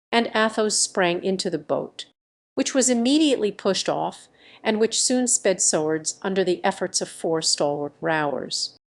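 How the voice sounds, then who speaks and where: A woman reads a classic adventure novel aloud as scripted narration. Her pitch sits in the middle range and her reading stays even and measured. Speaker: audiobook narrator.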